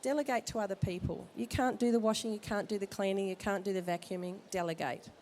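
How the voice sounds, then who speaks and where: A woman's voice: medium pitch, steady tone, fast, a little mellow, a little hiss or hum. Chatty woman with a cold. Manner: chatty, jokey, direct advice. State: has a cold. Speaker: midwife speaker at a baby expo. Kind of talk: informal talk to expectant parents. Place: expo hall.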